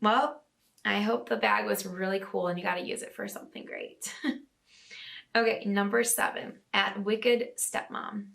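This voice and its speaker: Raspy-voiced woman hosting a chatty podcast. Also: mid-range voice, fairly even intonation, measured pace, a bit bright. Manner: chatty, laughing often, reacting to stories. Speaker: podcast host. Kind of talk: casual solo podcast, reading listener stories.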